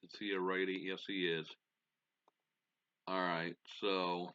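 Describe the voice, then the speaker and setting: A man's voice: low voice, little pitch movement, unhurried, pauses often, fairly bright tone, highs cut off, a little hiss or hum. A middle-aged man hosting a gaming channel, calling a baseball sim game play-by-play and muttering to himself with folksy exclamations.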